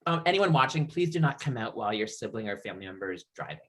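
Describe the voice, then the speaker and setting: A man's voice: lowish voice, rapid-fire, a little hiss or hum. A man in his thirties from the Niagara region, a guest telling his coming-out story in an interview, acting out what others said and often laughing. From Niagara region, Canada. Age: 30s. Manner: animated storyteller, acts out quoted voices, laughs often.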